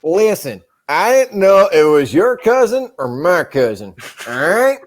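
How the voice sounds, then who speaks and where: A cocky, boastful Texan man drawls his words in an exaggerated Texan accent, as a man puts him on. His voice sits somewhat high for a man. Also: sing-song, measured pace. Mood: teasing. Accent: Texan, put on.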